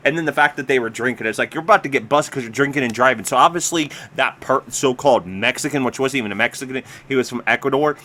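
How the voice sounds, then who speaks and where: A man's voice: mid-range voice, sharp tone. A man co-hosting a casual reaction chat, rambling and chatty as he reads stories aloud and comments.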